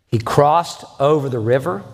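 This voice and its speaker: A man's voice: medium pitch, measured pace. A man preaching a sermon as pastor, earnest and asking the congregation rhetorical questions. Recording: reverberant church hall.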